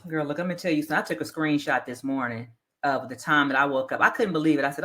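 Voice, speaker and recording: A woman guest on a podcast with a bright, forceful voice. She tells stories in a playful, colloquial way. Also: very deep voice, racing, hardly any pauses. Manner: animated, playful storyteller, colloquial. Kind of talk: casual chat.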